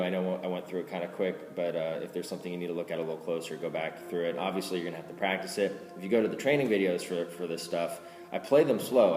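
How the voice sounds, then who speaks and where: A man teaching drum rudiments in a casual way, counting strokes aloud louder than he explains. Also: low-pitched. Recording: roomy reverb with loud background noise.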